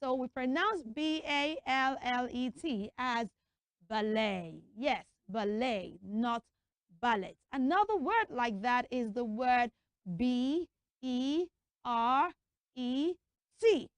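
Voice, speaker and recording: A woman's voice: high voice, slow pace, clear, resonant tone, dry recording. Woman teaching kids pronunciation. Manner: lively, coaxing call-and-response teaching. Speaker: children's TV presenter. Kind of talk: pronunciation lesson for children.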